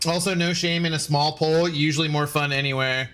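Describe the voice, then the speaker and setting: A man's voice: fairly high pitch, steady tone, fairly quick, a bit bright, a little hiss or hum. A man live-streaming a game, joking and bantering as he answers his chat. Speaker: gaming streamer.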